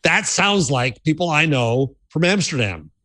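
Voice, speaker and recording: A man's voice: fairly high pitch, unhurried, no echo. A man co-hosting a tech podcast, chatting casually and telling stories with lots of restarts. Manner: animated storyteller, restarts phrases. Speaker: podcast co-host.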